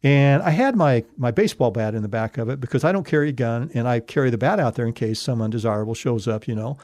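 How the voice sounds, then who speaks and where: A man's voice: mid-range voice, fast talker, darkish tone, no room sound, clean studio sound. A man recounting a paranormal investigation in a casual, rambling way, full of fillers and restarts. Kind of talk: casual storytelling.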